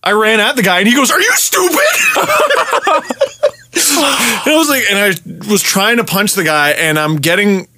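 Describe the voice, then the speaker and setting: A young man from Canada, a podcast host telling a story in casual chat, animated and swearing freely. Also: sits high, normal speed, noisy background. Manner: animated, swearing, acts out shouted quotes.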